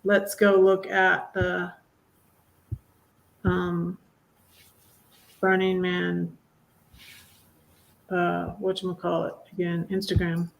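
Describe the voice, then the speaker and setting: A woman hosting a casual livestream chat, musing aloud in an unhurried way as she looks for things. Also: on the low side, completely flat delivery, gravelly, rough recording. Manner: unhurried, musing aloud while searching files. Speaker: host.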